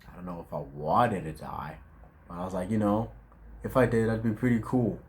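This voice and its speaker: Young man, low voice, rambling vlog talk, slangy and self-reflective, faint hiss behind. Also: steady tone, a little fast, darkish tone. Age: 20s. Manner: reflective, with lots of fillers and slang. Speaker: vlogger. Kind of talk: casual rambling monologue. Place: outdoors at dusk.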